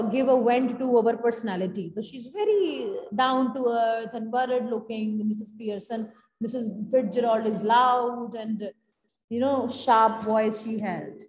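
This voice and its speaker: A woman's voice: on the high side, a little mellow. A woman with an Indian English accent explaining a play to students, mixing English with Hindi and calling them beta. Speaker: school English teacher. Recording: echoey room with long reverb.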